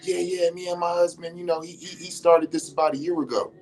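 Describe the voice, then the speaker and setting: A man's voice: high-pitched, fairly even intonation, brisk, darkish tone. A man telling a story in casual slangy speech, cursing freely and acting out what others said. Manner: slangy, profane, acts out the voices of others. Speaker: storyteller recounting an encounter.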